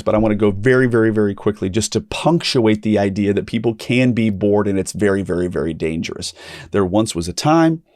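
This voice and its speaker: A man's voice: no echo, studio quality. A man hosting a ministry podcast, telling a story in a conversational way, restarting sentences and acting out the people he quotes. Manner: animated, acts out quoted voices with big pitch jumps; frequent restarts and repetition. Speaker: podcast host.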